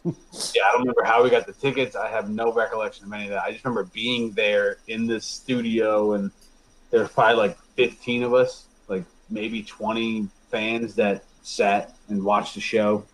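A man's voice: fairly low pitch, flat delivery, normal speed, a little hiss or hum, rough recording. A young man telling a story to his friends, rambling with lots of fillers and laughing as he goes. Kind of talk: casual storytelling among friends.

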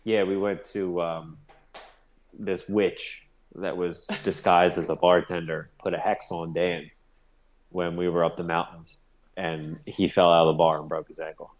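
Deep-voiced man in casual chat. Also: measured pace. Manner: animated retelling, lively.

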